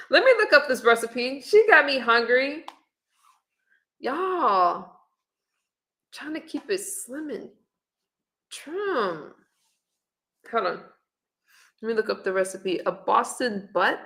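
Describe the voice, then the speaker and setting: A middle-aged woman hosting a casual livestream, chatting in a relaxed way and reading viewer comments and recipes aloud. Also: a little high, slow, pauses often. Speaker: livestream host. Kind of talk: casual live-stream chat. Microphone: webcam or phone on camera.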